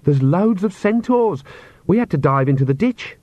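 A man reads as an earnest young witch woman, pitched high above his own voice. She is brisk and reproachful. The storybook reading sounds dry and slightly muffled. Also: animated, a little mellow, no room sound.

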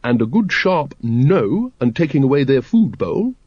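A man's voice: mid-range voice, sing-song, unhurried, husky, no room sound, highs cut off. A man voicing a confident aristocratic woman who breeds dragons, matter-of-fact and practical. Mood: brisk.

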